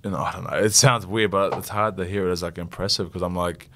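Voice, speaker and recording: A young Australian man, a rugby league captain, talking earnestly and haltingly in an interview, getting emotional. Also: low voice, steady tone, sharp tone. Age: young adult. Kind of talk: casual interview.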